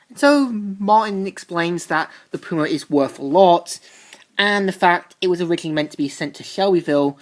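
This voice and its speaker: A woman's voice: on the low side, lively intonation, normal speed. A woman reviewing a comic, retelling the story in a chatty, rambling way. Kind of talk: casual comic recap.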